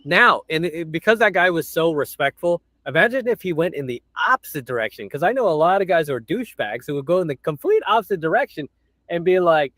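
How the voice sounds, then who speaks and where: A man hosting a casual livestream, telling stories bluntly and mimicking others in high, shrill voices. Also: big pitch swings, fast talker, a bit bright, no room sound, studio quality. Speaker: livestream host. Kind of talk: casual chat.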